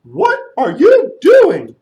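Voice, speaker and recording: An excited elephant in a children's story, squealing high and loud. The pitch swings widely. It sounds eager to join in. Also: male voice, very slow, roomy sound, dull audio, full character voice. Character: big eager elephant with a booming entrance.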